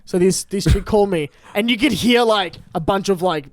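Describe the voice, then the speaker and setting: A man's voice: high voice, moderate pace, no echo. A young man co-hosting a podcast, telling rambling stories in casual chat, swearing and laughing often. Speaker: podcast co-host.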